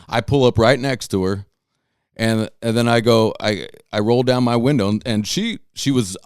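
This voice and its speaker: Middle-aged guy rambling, lowish smooth voice, dry close sound, swears a lot. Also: a little mellow, dry recording. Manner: rambling, restarts, profane, laughs at himself. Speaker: host talking to his followers. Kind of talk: casual storytelling monologue.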